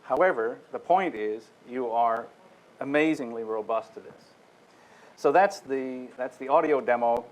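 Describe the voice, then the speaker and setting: Man, lecturer, mid-pitched voice, explanatory, restarts phrases, technical talk. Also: measured pace, low-quality recording. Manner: explanatory, addresses listeners directly, often restarts phrases. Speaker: guest lecturer.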